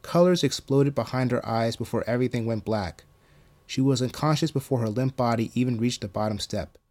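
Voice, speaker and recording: A man reading a horror story aloud at a middling pitch, calm and even. His delivery is steady scripted narration. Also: fairly quick.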